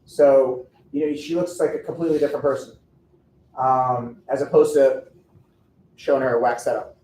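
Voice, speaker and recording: A man's voice: mid-range voice, fairly even intonation, moderate pace, dark tone, a little hiss or hum. A man telling funny stories in an echoey room. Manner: humorous, self-deprecating anecdotes. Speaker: orthodontist giving a talk. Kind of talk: storytelling conference talk. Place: lecture room with an audience.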